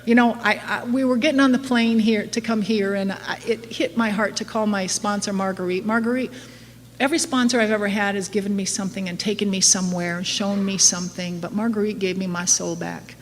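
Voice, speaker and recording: A woman's voice: mid-range voice, steady tone, fairly quick. Candid woman speaking in an echoing hall. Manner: candid, self-mocking, laughs often. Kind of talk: recovery talk to a live audience. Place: meeting hall before an audience. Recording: live hall with long reverb, faint noise.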